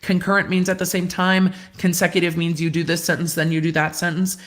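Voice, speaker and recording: A middle-aged woman lawyer hosting a casual live Q&A, reading viewer comments aloud in a chatty way with quick asides and easy laughs, speaking from a rented room. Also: on the low side, little pitch movement. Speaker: lawyer and livestream host. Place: rented room indoors, glass cabinets behind her.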